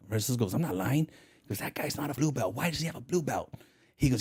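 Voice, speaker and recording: A man's voice: medium pitch, fast talker, slightly rough. A middle-aged man, a retired federal agent, telling stories as a guest in a casual interview and acting out the dialogue. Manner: animated, acts out quoted dialogue.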